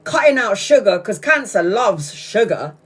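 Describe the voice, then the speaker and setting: A woman's voice: medium pitch, a little slow, breathy edge. A woman tarot reader hosting a live stream, chatting casually, telling a story bluntly with lots of swearing and frequent laughter. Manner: profane, blunt, animated storyteller; laughs often while talking.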